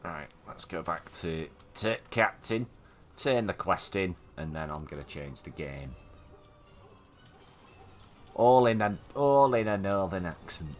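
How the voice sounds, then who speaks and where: Deep-voiced Manchester streamer. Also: male voice, lively intonation, slow. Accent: Mancunian. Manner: blunt, sweary, chatty. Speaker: game streamer. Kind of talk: casual gameplay commentary.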